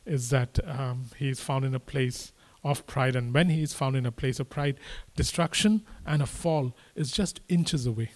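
A man's voice: medium pitch, normal speed. A man preaching a sermon, repeating his points and building to impassioned, emphatic exhortation.

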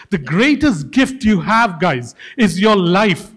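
A man's voice: high voice, big pitch swings, takes it slowly, a bit bright, big-room sound. A male preacher giving a sermon, emphatic, repeating key phrases and calling his listeners guys.

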